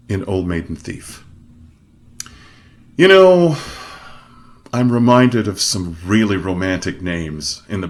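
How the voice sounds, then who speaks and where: Middle-aged guy, opera singer, telling his story, low voice, joking at his own expense. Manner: self-deprecating and expressive, varying his delivery for emphasis. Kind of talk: storytelling monologue.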